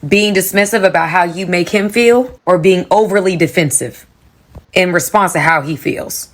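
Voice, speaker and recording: A woman gives advice in an instructive monologue, speaking directly to her audience. Her voice is on the low side for a woman. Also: normal speed.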